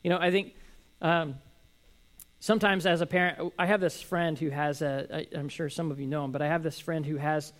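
A man's voice: a little high, steady tone, a little fast, a bit bright. A man in his thirties giving a casual, conversational sermon, telling family stories with acted-out quotes. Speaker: pastor.

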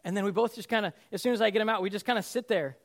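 High-voiced man telling a story in a sermon. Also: racing, gravelly. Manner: vivid storytelling, acts out shouted quotes, frequent fillers and restarts. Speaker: preacher.

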